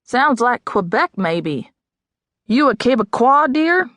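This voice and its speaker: A woman's voice: a little high, very animated, slow pace, fairly bright tone, dry recording, pitched above the performer's own voice, heavily acted. A woman voicing a sarcastic, brassy middle-aged female bartender.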